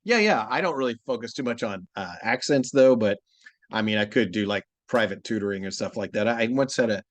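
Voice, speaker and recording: A man's voice: on the low side, fairly quick, no room sound. A man from Texas, a voice actor, telling anecdotes in a casual interview. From Texas, USA. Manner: animated anecdotal storytelling. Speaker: voice actor guest.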